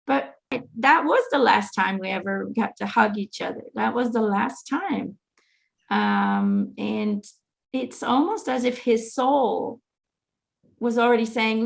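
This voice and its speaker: A woman's voice: on the high side, expressive, a little slow, vocal fry. A middle-aged woman hosting a casual, heartfelt chat, telling her story in an earnest, reflective way. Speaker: host.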